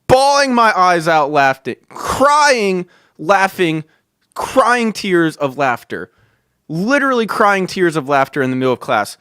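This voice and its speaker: A man hosting a podcast, telling a story in a casual, excitable way, swearing and calling the listener "dude" again and again. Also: high-pitched, unhurried, clear, resonant tone, no echo, clean studio sound. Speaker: podcast host.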